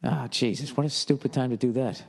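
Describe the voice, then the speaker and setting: A man's voice: medium pitch, fairly even intonation, fairly quick, vocal fry, slightly rough, long reverb tail. A man in his forties hosting a comedy podcast, reading listener emails and answering them in a profane, rambling, jokey way. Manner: profane, rambling, jokey, lapses into mock yelling.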